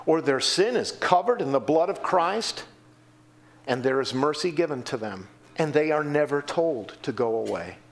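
A man preaching a sermon in a church, acting out the voices of the people he quotes and answers from the pews. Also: normal speed. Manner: animated, acts out quoted voices with sudden pitch jumps. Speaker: pastor.

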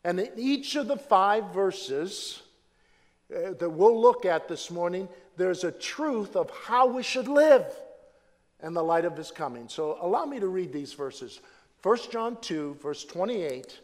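Slow-preaching man in a reverberant church. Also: animated. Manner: dramatic swings from loud emphatic declarations to hushed low phrases; slow, measured preaching with repeated phrases. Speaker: pastor. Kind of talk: sermon. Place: church sanctuary. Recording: long hall reverb.

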